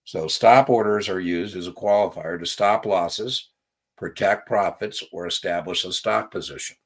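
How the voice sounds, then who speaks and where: Deep-voiced man coaching exam takers. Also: moderate pace. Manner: casual, chatty, asks "right?" often; tells personal stories as examples. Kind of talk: live-stream Q&A lesson.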